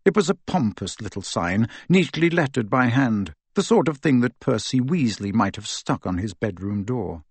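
A man reading a novel aloud as audiobook narrator, in a lively storytelling manner. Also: mid-range voice, moderate pace, hardly any pauses, husky, no echo. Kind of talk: scripted narration.

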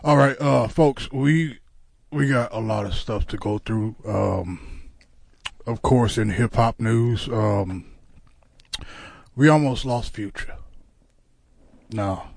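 A man's voice: medium pitch, slow pace, vocal fry, long pauses, a little mellow, no room sound. A man in his fifties hosting a casual radio show from a studio, talking in a laid-back, drawling way with lots of fillers. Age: 50s.

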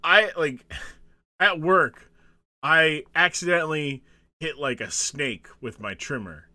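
A man's voice: fairly high pitch, slow pace, bright, forceful tone, no room sound. A man hosting a podcast, recapping a wrestling match in casual, rambling, joking chat. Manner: rambling, joking, trailing off with fillers. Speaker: podcast host.

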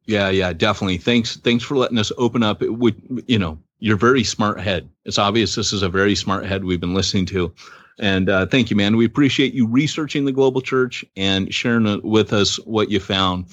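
Low-voiced joking male podcast host. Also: fairly quick, dry recording, dull audio. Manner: jokey, animated, laughs easily. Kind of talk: casual podcast chat.

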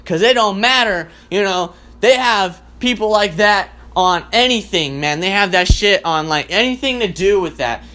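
A man doing a rambling, profanity-filled comic rant in a casual, animated way. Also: sits high, normal speed, hardly any pauses. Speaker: comedian.

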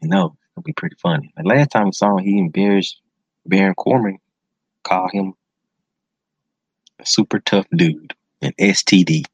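Male podcast host, casual and slangy, excitable, husky low voice, lo-fi mic. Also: normal speed, pauses often, dry recording. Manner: enthusiastic, slangy, repeats words for emphasis. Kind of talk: casual solo podcast commentary. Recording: dull lo-fi sound, dry close mic.

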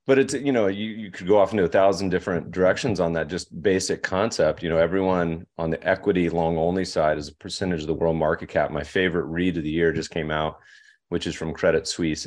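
Male podcast guest, deep register, loose rambling delivery full of fillers. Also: steady tone, fairly quick, a little mellow. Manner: rambling, with many fillers and restarts. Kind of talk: casual podcast conversation.

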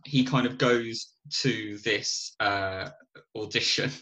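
A man co-hosting a podcast, retelling a film's plot in animated, rambling casual chat and laughing often. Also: fairly low pitch, slow. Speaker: podcast co-host. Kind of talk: casual film review chat.

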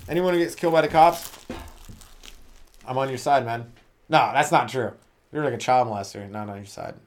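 Fairly quick and medium-pitched, a Canadian man hosts a comedy podcast by himself despite being sleep-deprived. His talk is loose and rambling, full of swearing, and he laughs at his own jokes.

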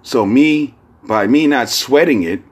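A man's voice: medium pitch, measured pace, slightly rough. A man hosting a casual solo podcast, talking in a rambling, profane way full of fillers and restarts. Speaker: podcast host.

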